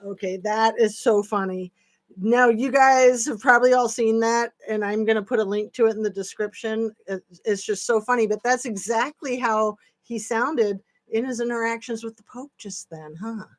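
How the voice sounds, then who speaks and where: A woman's voice: on the high side, normal speed. A woman hosting a casual livestream, chatty and a bit scattered as she reads viewer comments. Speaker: channel host.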